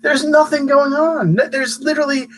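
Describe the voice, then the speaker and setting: A man's voice: very high-pitched, steady tone, normal speed, rough recording. A man co-hosting a podcast livestream over a video call, joking dryly and taking ribbing in stride. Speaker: podcast co-host. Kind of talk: casual banter on a livestream. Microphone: video call mic.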